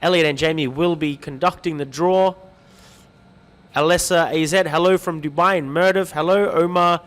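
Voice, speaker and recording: Male livestream host, friendly and chatty, slightly raised pitch, long hall echo on the track. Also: fairly even intonation, normal speed, fairly bright tone. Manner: chatty, greets viewers by name, light joking. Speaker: livestream host reading viewer comments. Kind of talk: upbeat live-stream chat.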